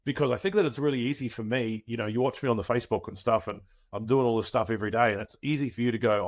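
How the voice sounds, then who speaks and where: A man's voice: on the low side, fast. A man hosting a property webinar, chatty and promotional, with many filler words, on a video call. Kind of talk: casual webinar pitch.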